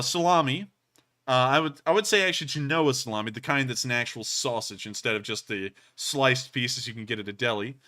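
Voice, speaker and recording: A man hosting a livestream, chatting casually and rambling as he answers donations. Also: mid-range voice. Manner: rambling, lively, frequent fillers and restarts. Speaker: livestream show host.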